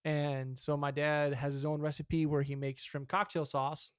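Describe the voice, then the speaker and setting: A man's voice: on the high side, flat delivery, moderate pace, smooth, dry recording, studio quality. A young man co-hosting a podcast, chatting casually and telling a rambling, profane story about his dad. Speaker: podcast co-host. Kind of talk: casual chat.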